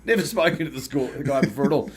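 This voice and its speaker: A man with an Australian accent, a podcast guest telling a story in casual, animated talk and acting out the people he quotes. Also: mid-range voice, rapid-fire, a little hiss or hum. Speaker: guest, courage coach.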